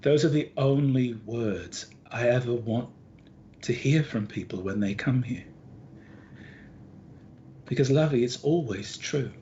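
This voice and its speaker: A man voicing Gardy, a soft-spoken, doting host who talks low and hushed, in a lo-fi recording with faint music. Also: measured pace, long pauses, a little hiss or hum, natural voice. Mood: crooning. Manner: low, hushed, crooning delivery.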